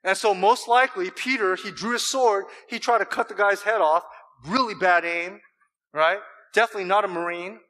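A man preaching a sermon, animated, acting out scripture quotes with emphasis and joking with the congregation. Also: sits high, moderate pace, low-quality recording. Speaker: pastor.

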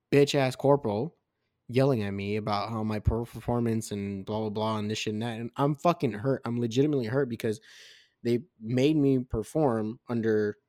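A man in his twenties on a casual podcast, telling a rambling, profanity-heavy story about his military days, with tipsy, animated storytelling. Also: medium pitch, no echo, clean studio sound. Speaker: podcast co-host. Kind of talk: casual drunk storytelling chat.

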